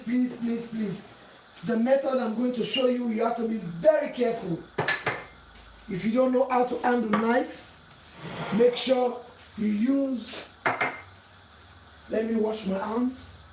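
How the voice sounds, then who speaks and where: In her kitchen, a cooking channel host with a somewhat high voice runs a home tutorial, earnestly repeating pleas and warnings as she works. The room is echoey, the mic sits at a distance, and pots clatter amid background noise.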